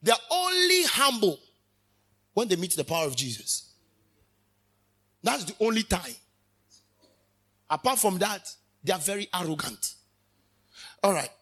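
A man preaching a sermon as a minister, fervent, with sudden loud rises and quick asides. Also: high-pitched, animated, breathy edge.

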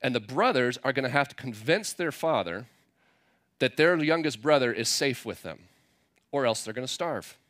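A man preaching a sermon in a relaxed, conversational way, reading scripture and paraphrasing it playfully. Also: mid-range voice, normal speed. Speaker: pastor.

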